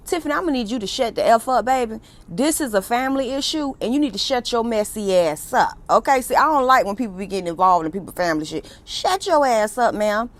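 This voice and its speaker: A woman's voice: a little high, expressive, fast talker, hardly any pauses. A young woman, recapping a reality TV episode in a blunt, profane, sassy way and laughing often. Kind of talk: casual recap commentary.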